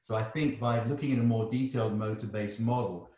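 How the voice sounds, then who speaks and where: An English man answering a seminar question, thinking aloud with halting restarts. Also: medium pitch, dark tone. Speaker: seminar speaker. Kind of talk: academic Q&A answer. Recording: echoey room.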